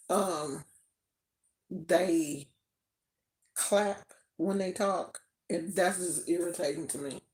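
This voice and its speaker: A woman's voice: lowish voice, slow, long pauses, darkish tone. An older woman hosting a spiritual channel, chatting casually on a livestream in a rambling way. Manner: chatty, rambling, with fillers and restarts. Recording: roomy echo.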